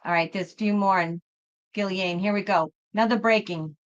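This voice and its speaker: A woman's voice: mid-range voice, steady tone, a little fast, highs cut off. A woman hosting a tarot reading livestream, talking casually and reassuringly to her viewers, whom she calls folks. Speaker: tarot reader and livestream host.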